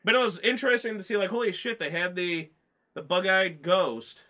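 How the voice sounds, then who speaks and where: A man co-hosting a casual movie review, rambling and excited, often laughing. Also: high-pitched, moderate pace.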